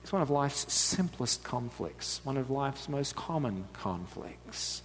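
A man delivers a relaxed, conversational sermon, mixing storytelling with light asides and frequent chuckles. He keeps drawing the audience in with quick questions. The sound has a long reverb, like a large church hall. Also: medium pitch, husky. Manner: chatty, asks the audience "right?", laughs often. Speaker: preacher.

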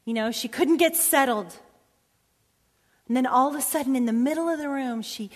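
A woman preacher gives a sermon and then leads a prayer, her voice a little high. She drops to near-whispers and then builds to loud, emphatic lines. The sanctuary leaves a long reverb trailing behind her. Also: normal speed. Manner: swings from hushed whispers to loud emphatic passages. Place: church sanctuary.

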